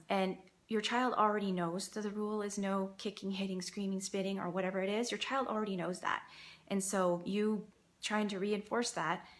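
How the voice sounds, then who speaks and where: A woman's voice: medium pitch, a bit bright. A woman parenting coach giving earnest, reassuring advice straight to her viewers. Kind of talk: direct-to-camera advice talk.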